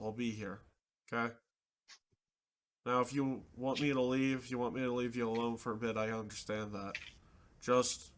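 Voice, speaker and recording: A man voicing a gruff but caring male mercenary leader who talks earnestly and reassuringly. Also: mid-range voice, fairly bright tone, pitched below the performer's own voice, natural voice.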